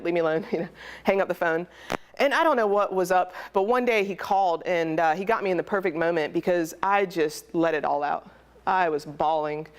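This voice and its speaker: A young woman gives a candid talk at a conference, her voice sitting a little low. She tells her personal story in a loose, conversational way, with plenty of feeling behind it. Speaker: conference speaker. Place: conference hall.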